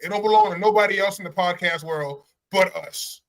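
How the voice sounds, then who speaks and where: Brash high-voiced male podcast host. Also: a little fast. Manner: brash, trash-talking. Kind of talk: casual wrestling talk.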